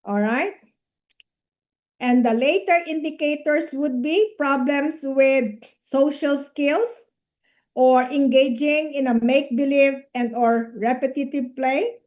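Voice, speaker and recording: Slow, high-voiced woman lecturing. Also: a little mellow. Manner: measured, explanatory, with tag questions to students. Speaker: medical lecturer. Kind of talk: clinical lecture.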